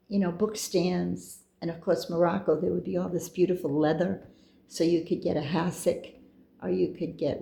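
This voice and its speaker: A middle-aged woman tells a personal story in a loose, chatty way, drifting into asides and quoting the people she met. Her voice is mellow with a gravelly edge. The room gives it a noticeable echo. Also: lowish voice. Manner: chatty, meandering, with asides and quoted dialogue. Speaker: storyteller recounting her own experiences.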